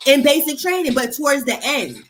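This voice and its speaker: A young woman hosting a casual chat, telling a long story in an animated, streetwise, profane way. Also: high-pitched, fairly quick, a little hiss or hum, rough recording. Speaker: host.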